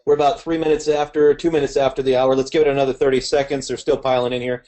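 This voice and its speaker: A man's voice: medium pitch, little pitch movement, quick pace, mellow. A man presenting a live webinar, giving direct, motivating instructions to the audience before starting.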